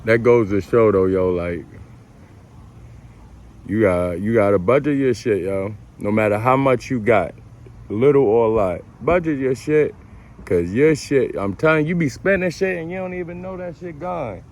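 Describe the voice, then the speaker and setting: A man's voice: medium pitch, moderate pace, a little mellow. A man telling a casual story about his own life, slangy and profane, acting out his own reactions. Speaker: storyteller vlogger.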